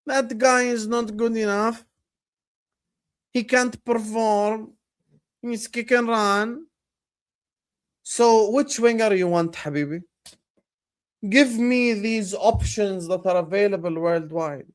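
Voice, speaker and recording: A man's voice: sits high, takes it slowly, long pauses, clean tone. A man hosting a livestream about football, arguing his points emphatically with rhetorical questions. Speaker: streamer and football pundit.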